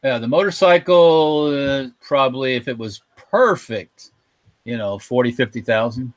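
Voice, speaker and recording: A man with a Southern American accent co-hosting a casual podcast, talking in halting, repeated phrases about old military vehicles. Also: mid-range voice. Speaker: podcast co-host. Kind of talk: casual chat.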